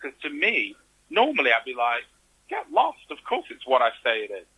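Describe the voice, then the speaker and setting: Animated storytelling man with a husky voice. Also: mid-range voice, brisk, rough recording. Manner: animated storytelling, acts out quoted reactions. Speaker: interview guest. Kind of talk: conversational interview.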